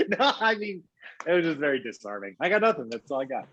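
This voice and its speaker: Animated, husky-voiced podcast guest. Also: male voice, on the high side, moderate pace. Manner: animated, quippy. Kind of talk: casual chat. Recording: dull lo-fi sound.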